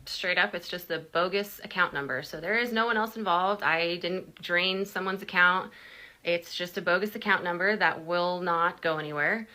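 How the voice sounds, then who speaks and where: A woman telling a personal story to camera in a casual, animated, candid way. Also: lowish voice, normal speed, no echo. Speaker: storytime vlogger.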